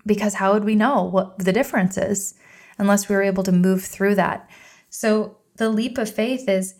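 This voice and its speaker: A woman's voice: medium pitch, fairly even intonation, unhurried, darkish tone. A woman in her thirties hosting a solo podcast, talking earnestly and encouragingly about trust and surrender. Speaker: podcast host.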